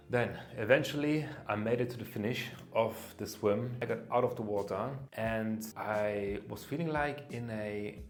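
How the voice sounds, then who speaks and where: Low-voiced man telling his race story. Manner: plain, matter-of-fact storytelling with fillers. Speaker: vlogger recounting his race. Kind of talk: casual voice-over narration.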